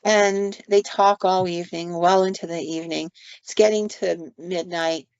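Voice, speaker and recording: A woman's voice: fairly low pitch, steady tone, moderate pace, clear, resonant tone, dry recording. A woman co-hosting a podcast, casually retelling ghost stories with fillers and quoted asides. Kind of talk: storytelling on a podcast. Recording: dull lo-fi dry sound.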